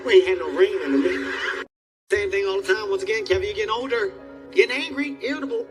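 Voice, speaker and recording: High-pitched man shouting stand-up stories. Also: quick pace, recorded from a distance, over music. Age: 40s. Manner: loud, animated storytelling with sudden shouted outbursts. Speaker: stand-up comedian. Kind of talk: stand-up comedy routine. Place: live comedy stage.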